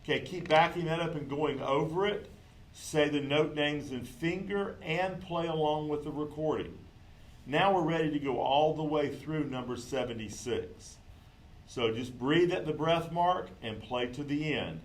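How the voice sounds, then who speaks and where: A man's voice: a little high, unhurried, low-quality recording. A man teaching a clarinet lesson, patiently counting in and calling out note names and fingerings. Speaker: music teacher.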